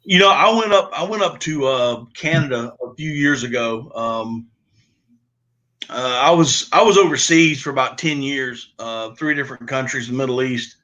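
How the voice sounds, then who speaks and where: A man's voice: medium pitch, moderate pace, sharp tone. A middle-aged man with a Southern US accent, telling hunting stories in an easygoing, rambling way on a casual outdoors livestream. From Southern United States. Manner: easygoing, rambling storyteller with many fillers. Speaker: podcast host.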